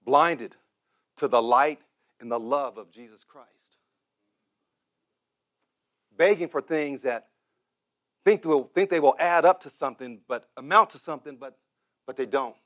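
A man preaching a sermon who acts out the voices of beggars and crowds, repeats words and builds up to shouted cries. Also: on the high side, measured pace, long pauses.

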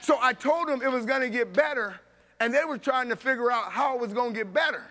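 A man preaching a sermon, telling a story with animated voices for each person and laughing along. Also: very high-pitched, fast.

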